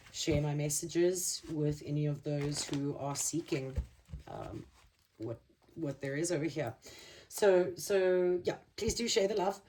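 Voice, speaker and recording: A woman giving a spiritual tarot card reading, earnest and halting as she searches for words. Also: low voice, mellow, far from the mic. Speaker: tarot reader.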